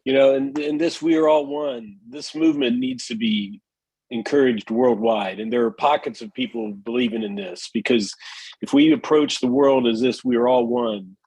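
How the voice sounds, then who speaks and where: A man speaking as a guest in a casual chat, measured and hesitant, with many fillers and restarts. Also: medium pitch, lively intonation, a little mellow, breathy edge, no echo, rough recording.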